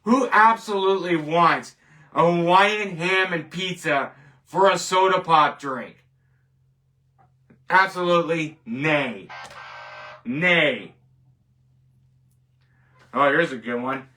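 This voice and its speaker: Man, show host, bright voice, slightly high, rambling and emphatic, distant from the mic. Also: slow pace, long pauses. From Canada. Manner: rambling, emphatic, scoffing verdicts. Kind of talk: casual rant show.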